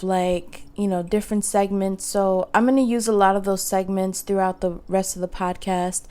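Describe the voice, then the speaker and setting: A woman's voice: mid-range voice, darkish tone. A young woman hosting a casual solo podcast, telling stories in a chatty way full of fillers. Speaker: podcast host. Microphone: podcast microphone.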